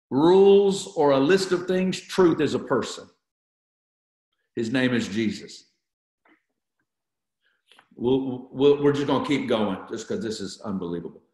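A man's voice: on the high side, echoey room. A man leading an online Bible study, teaching with fervor and repeating key phrases for emphasis as he talks to viewers.

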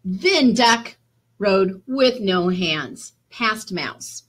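Bright, animated woman teacher reading aloud. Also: mid-range voice, a little slow. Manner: chatty, encouraging, asks listeners questions. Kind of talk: reading a picture book aloud to children.

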